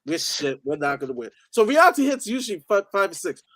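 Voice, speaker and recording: A man on a video call, chatting about football as a guest panelist with an excitable, hopeful manner. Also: sits high, fast, a little hiss or hum. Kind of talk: casual football chat.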